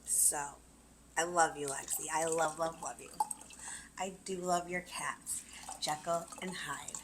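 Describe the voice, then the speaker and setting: A woman's voice: low-pitched, slow pace, noisy background. A woman in her twenties, co-hosting a casual chat and telling a story with lots of swearing, acting out what she said back then. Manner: animated, swears freely, acts out her own past lines loudly. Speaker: podcast co-host.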